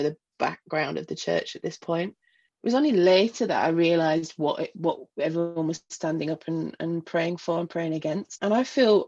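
Middle aged woman, a bit husky and low, thinking back, lots of "like" and "you know", dull lo-fi sound. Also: a little mellow. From Northeast England. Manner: reflective, with frequent fillers and light laughs. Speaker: guest. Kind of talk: personal interview, recounting memories.

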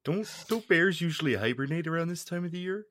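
A man, a player in a tabletop game, talking hesitantly with deadpan asides. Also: on the high side, fast, no room sound, studio quality.

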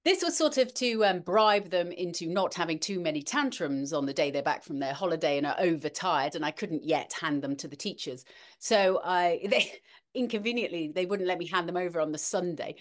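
A middle-aged woman, co-hosting a casual weather chat, animated and talkative, with frequent ums and restarts. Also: fairly low pitch, a little fast. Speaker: podcast co-host, weather presenter.

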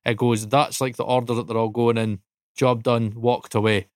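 A man from Dundee with a Scottish accent, co-hosting a podcast and telling a casual story, animated and swearing freely. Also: mid-range voice, normal speed, no room sound, clean studio sound. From Dundee, Scotland. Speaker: podcast co-host.

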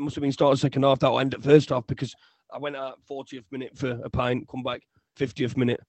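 A young man co-hosting a casual football podcast, ranting in an animated way and often repeating himself. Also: medium pitch, fast, no echo. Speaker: podcast co-host.

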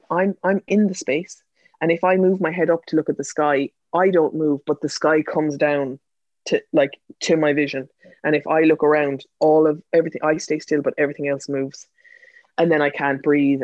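A man's voice: a little high, a little mellow, no room sound, highs cut off. A man talking candidly about his experiences with therapy, hesitant and self-deprecating, often restarting his sentences. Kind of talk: candid personal conversation.

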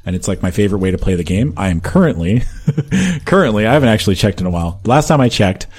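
A man's voice: on the low side, big pitch swings, fast talker, darkish tone, slightly rough. A man talking casually as a podcast guest, joking and laughing as he talks.

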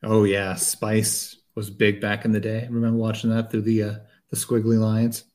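A man's voice: on the low side, monotone, normal speed, darkish tone. Chatty man laughing along. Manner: chatty, laughs often, reminisces. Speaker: podcast co-host. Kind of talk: casual movie chat.

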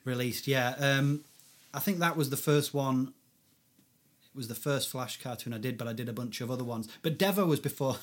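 A man's voice: medium pitch, moderate pace. A man from England, a cartoon creator, chatting casually in a hesitant, rambling way. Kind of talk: casual chat.

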